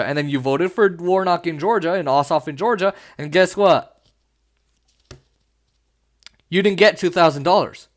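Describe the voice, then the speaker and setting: Brief: male political vlogger, high-pitched, sarcastic and mocking, casual solo talk. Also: normal speed. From Las Vegas, Nevada. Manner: sarcastic, laughs often, mocking. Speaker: political commentary host.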